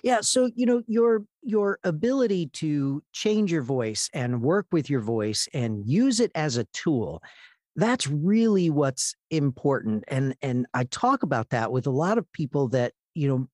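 A middle-aged man hosting a casual interview podcast from a video call. He is folksy and quick to laugh, with a slightly raised pitch. His voice sounds close and dry, with no room around it. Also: big pitch swings, no room sound. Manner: warm-hearted, laughs easily, folksy. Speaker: podcast host, voice coach.

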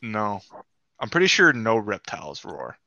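A man's voice: fairly low pitch, huge pitch swings, a little slow, gravelly, bright, forceful tone, no echo, dull audio. A young man chatting casually while playing a game, playful and defensive, saying dude a lot. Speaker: co-host.

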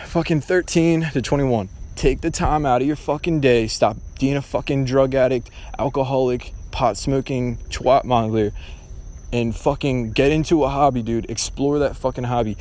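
A man's voice: medium pitch, darkish tone. Profane, rambling young man. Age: young adult. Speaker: podcast host. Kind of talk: casual solo podcast rant.

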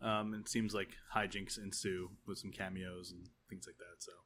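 A man's voice: deep voice, little pitch movement, moderate pace, fairly bright tone, slight background noise. A man co-hosting a casual podcast chat, rambling with lots of fillers and laughing often. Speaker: podcast co-host.

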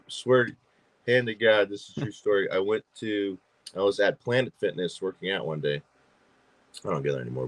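A man's voice: low-pitched, no echo. A man from Georgia, a guest on a podcast, telling stories in casual chat with lots of fillers and repeated words. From Georgia, USA. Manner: chatty storyteller, frequent fillers and repeats. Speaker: podcast guest, actor and filmmaker.

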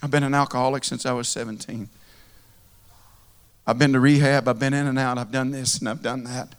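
A man's voice: mid-range voice, steady tone, fairly quick, smooth. A man preaching a heartfelt, conversational sermon to a congregation in church. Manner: earnest, heartfelt, conversational with repeated phrases. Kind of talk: storytelling sermon.

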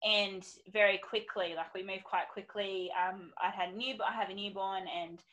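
A woman's voice: mid-range voice, fairly even intonation, moderate pace, fairly bright tone, lo-fi sound. A woman in her thirties, a podcast guest telling her story in candid, chatty talk full of ums and quoted asides. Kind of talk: casual podcast chat.

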